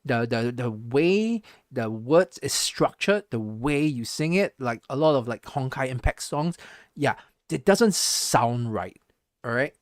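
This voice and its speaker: Male streamer, Southeast Asian English shifting toward American, rambling, hums beats, mid pitch, dry close sound. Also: lively intonation, a little slow, no echo. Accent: Southeast Asian English, switching to a more American-sounding accent. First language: not English. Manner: rambling, self-correcting, hums beats aloud. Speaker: live streamer. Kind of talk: casual live stream commentary.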